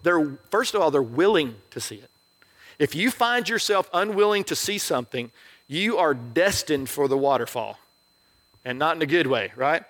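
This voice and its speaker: A man's voice: on the high side, lively intonation, normal speed, a bit bright. A middle-aged male pastor preaching a sermon in a conversational, joking way, often checking in with the crowd.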